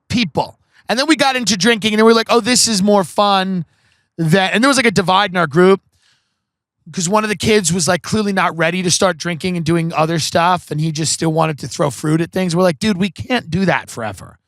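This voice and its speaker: A man from Long Island hosts a podcast, telling comedic stories in a rambling, profane style packed with filler words. His voice is on the high side and a bit bright, with no room sound.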